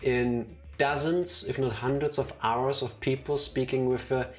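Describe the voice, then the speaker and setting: A woman's voice: extremely low pitch, steady tone, a little slow, soft background music. A woman from New Jersey co-hosting a live game stream with dry, teasing banter. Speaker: streamer co-host. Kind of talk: casual live-stream chat.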